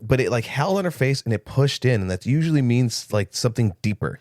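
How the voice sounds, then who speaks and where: Animated man recapping a movie. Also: mid-range voice, a little fast, no echo, studio quality. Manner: animated, jokey recaps with quoted lines. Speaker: podcast co-host. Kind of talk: casual movie discussion.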